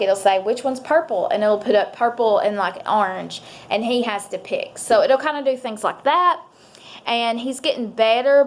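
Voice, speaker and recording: Woman vlogger, casual rambling chat, slightly high voice, faint room hum. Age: adult parent. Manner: chatty, rambling, with many fillers.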